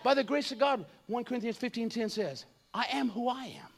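A man in his fifties preaching an energetic, comedic sermon, joking and acting out voices. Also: extremely high pitch, brisk, vocal fry. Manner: animated, jokey, acts out voices, shouts at times.

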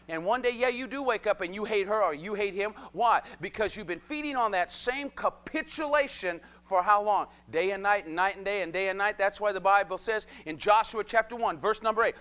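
A man's voice: sits high, pushed and bright. A male preacher delivering a fervent sermon, calling out to the congregation with repeated exclamations and rhythmic, repetitive phrasing.

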